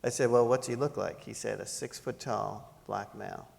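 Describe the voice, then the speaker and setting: A middle-aged man telling a personal story to an audience, animated and laughing as he acts out the voices in it. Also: fairly low pitch, moderate pace, vocal fry, in a large hall. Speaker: panel speaker. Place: lecture hall.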